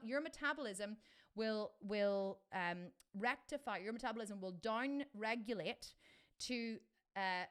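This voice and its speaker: A middle-aged woman coaching fitness in a casual live Q&A, chatty and enthusiastic, with many restarts. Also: medium pitch.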